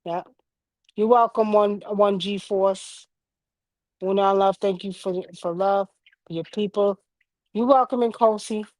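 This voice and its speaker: A woman's voice: medium pitch, steady tone, measured pace, pauses often, darkish tone, no room sound. A woman in her fifties who hosts a spiritual livestream. She talks to viewers in an earnest, preachy but casual way. Her voice sounds close and dry, with almost no room around it. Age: 50s. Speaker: livestream host.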